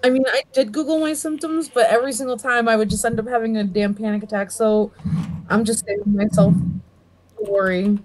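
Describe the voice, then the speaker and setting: A woman's voice: on the high side, fairly even intonation, a little fast, darkish tone, poor audio. A woman co-hosting a podcast, chatting casually with short, wry remarks. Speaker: podcast co-host. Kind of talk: casual chat.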